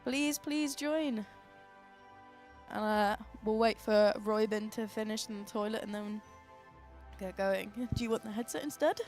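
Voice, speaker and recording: A woman presenting on a livestream in an average-pitched voice. She explains things casually and upbeat, with a few ums. Faint music plays in the background. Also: fairly even intonation, moderate pace, a little mellow. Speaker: stream presenter explaining charity goals. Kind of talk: casual chat.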